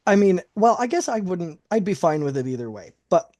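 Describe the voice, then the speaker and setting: A man's voice: sits high, sing-song, brisk, a little mellow, dry recording. A man co-hosting a casual wrestling review chat, loose and joking. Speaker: podcast co-host.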